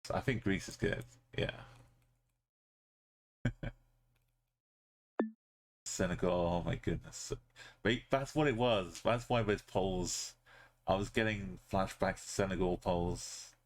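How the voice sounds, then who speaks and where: A man's voice: deep voice, slow, long pauses. A male streamer giving live commentary on a game, thinking aloud and musing with trailing fillers as he goes.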